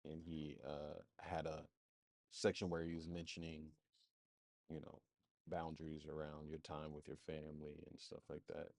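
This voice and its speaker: A man's voice: extremely low pitch, monotone, a little slow, darkish tone, dry recording, studio quality. A man casually walking through his marketing setup on a screen share, thinking aloud with loose, rambling talk and plenty of fillers. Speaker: marketing agency presenter.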